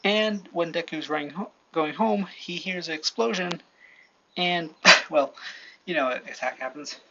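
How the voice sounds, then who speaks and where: A woman telling a rambling fan-fiction story from home into a computer mic, halting and restarting often. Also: on the low side. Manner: halting, full of restarts and fillers. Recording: lo-fi, faint hiss.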